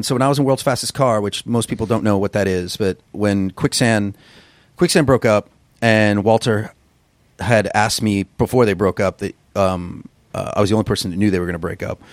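A man from Long Island, a podcast guest and musician, telling road stories in a casual interview, animated and swearing freely. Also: lowish voice, moderate pace, dry recording. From Long Island, New York. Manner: animated storyteller, swears freely, acts out quotes.

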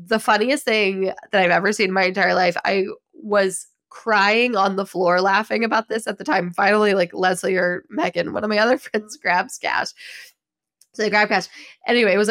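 Chatty woman podcast host. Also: mid-range voice. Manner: animated, chatty storytelling with frequent laughter. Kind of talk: casual solo chat.

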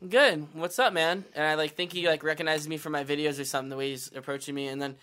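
A man's voice: on the high side, fast talker, clear, resonant tone. A young man, a rapper guest on a podcast, telling a story in casual chat, swearing freely and acting out the people he quotes. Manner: animated, swears a lot, acts out others in quotes.

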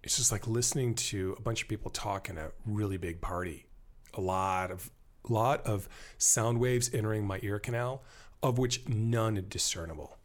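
Podcast guest, male, low voice, animated rambling storyteller. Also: moderate pace. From born in Germany to American parents. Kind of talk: casual conversation.

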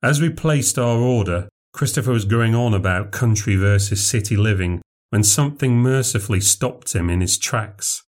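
A man with a British accent narrating a horror story in a measured, dry way. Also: fairly low pitch, darkish tone.

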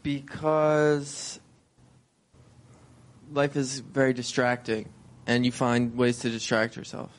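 A young man in his twenties speaks at a middling pitch, answering questions with hesitation. He stops and restarts often, working his way toward each answer. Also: monotone. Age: 20s. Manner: hesitant, halting, with fillers and restarts. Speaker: interview guest.

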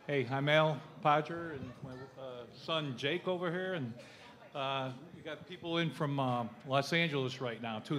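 A man from the audience of a live show in a restaurant, asking a question with many hesitant pauses. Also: fairly high pitch, fairly bright tone.

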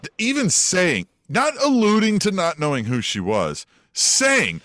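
High, lively exasperated male co-host. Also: measured pace, no echo, studio quality. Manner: exasperated, profane, baffled. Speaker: podcast co-host. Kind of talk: casual podcast chat.

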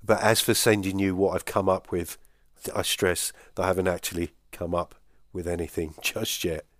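Deep-voiced self-deprecating podcast host. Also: male voice, flat delivery, moderate pace, no echo, clean studio sound. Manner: hesitant and self-deprecating, with many fillers. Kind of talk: casual podcast chat answering voice messages.

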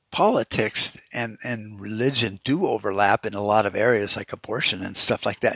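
A man's voice: mid-range voice, a bit bright, slightly rough, no room sound. A man hosting a solo podcast, ranting about politics in a blunt, profane and rambling way. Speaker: podcast host.

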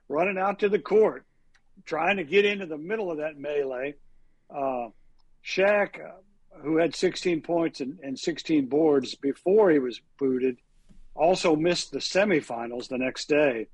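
Husky man rattling off sports stats. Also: on the high side, a little slow, no room sound. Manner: rambling, stat-heavy storytelling with frequent fillers. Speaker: sports reporter and co-host. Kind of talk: casual sports talk with anecdotes.

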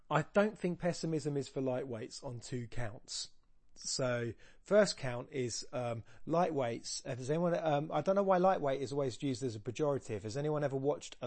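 A podcast host casually analyzes a poem, rambling and joking at his own expense while frequently restarting his sentences. His voice is at an ordinary male pitch and a little mellow, recorded close and dry with no room sound.

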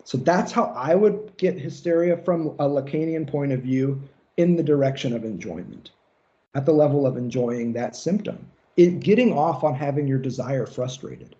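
A man's voice: medium pitch, expressive, normal speed, dark tone. Casual swearing man lecturing, dull audio. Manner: casual, swears freely, acts out mocking rants. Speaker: lecturer on psychoanalysis. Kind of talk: recorded seminar lecture.

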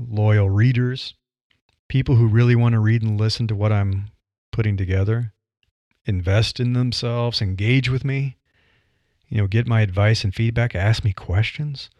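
A man's voice: on the low side, darkish tone, dry recording. An older man from Nebraska with a Midwestern accent, hosting a solo podcast and speaking bluntly and wryly. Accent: Midwestern American. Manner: blunt, plain-spoken, wry. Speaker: podcast host. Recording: dry, slightly dull audio.

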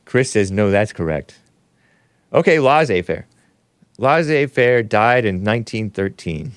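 Rambling talk host, smooth and dry. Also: male voice, expressive, unhurried, dry recording. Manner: rambling, laughs often, mock-surprised jumps in pitch. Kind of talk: casual livestream commentary reading chat.

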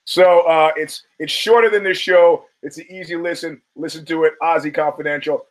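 Male podcast host, higher voice, blunt, profane, casual monologue. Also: fairly even intonation, moderate pace, low-quality recording. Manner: blunt and profane, with laughing asides. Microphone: camera and studio mic.

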